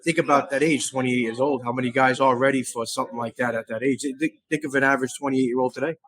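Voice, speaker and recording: A male co-host cutting in with quick, skeptical questions. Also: medium pitch, steady tone, a bit bright, no echo. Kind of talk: conversational questions.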